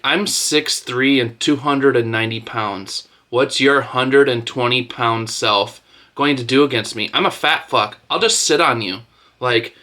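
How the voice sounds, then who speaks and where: A man's voice: medium pitch, pushed and bright. A man in his thirties ranting to camera as a street racing vlogger, mocking and trash-talking with lots of swearing.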